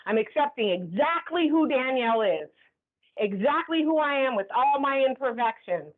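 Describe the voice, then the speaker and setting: A woman leading a staff training class. She talks in a lively way and keeps checking in with the group. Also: high voice, normal speed. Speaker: workplace trainer. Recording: tinny phone-like recording.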